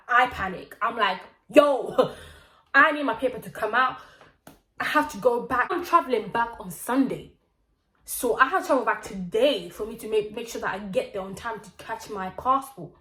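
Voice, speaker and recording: A young woman tells a storytime on her vlog, full of slang and lively asides. Her voice sits a little high. The room gives it a noticeable echo. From Zimbabwe. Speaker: vlogger. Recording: roomy echo.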